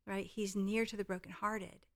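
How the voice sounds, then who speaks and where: A woman's voice: medium pitch, flat delivery, moderate pace. A middle-aged woman guest telling a personal parenting story in an earnest, heartfelt way. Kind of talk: storytelling in conversation.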